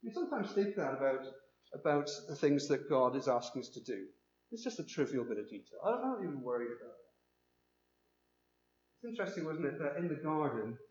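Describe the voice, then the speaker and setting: A man preaching with animated emphasis, his voice sitting a little high. The sound is roomy and echoey. The recording is somewhat muffled. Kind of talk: sermon. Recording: echoey room, dull sound.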